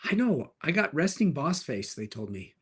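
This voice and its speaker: A man's voice: mid-range voice, big pitch swings, slightly rough. A middle-aged man hosting a live stream, answering viewer questions in an upbeat, joking way. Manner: upbeat, jokey, quick replies to chat. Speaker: livestream host and car dealer.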